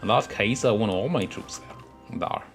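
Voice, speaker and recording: A man's voice: lowish voice, normal speed, soft background music. A young man casually commentating his own strategy game, thinking aloud and muttering at the units on screen. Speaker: gameplay commentator.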